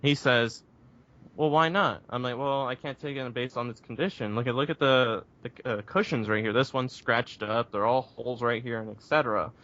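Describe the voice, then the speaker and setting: A man's voice: mid-range voice, normal speed, a bit bright. A man telling an exasperated work story in a casual podcast chat. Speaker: podcast co-host. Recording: muffled lo-fi recording.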